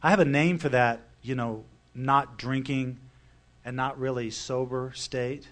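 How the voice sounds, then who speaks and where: A man's voice: medium pitch, fairly even intonation, measured pace, a bit bright. A middle-aged man telling his personal story to a recovery meeting audience, in a wry, conversational way.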